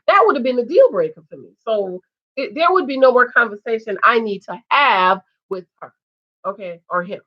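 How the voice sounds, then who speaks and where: A woman casually recapping a dating show, animated and quick to act out what the cast said. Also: on the high side, lo-fi sound. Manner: animated, mimics the cast in quotes. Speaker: show reviewer.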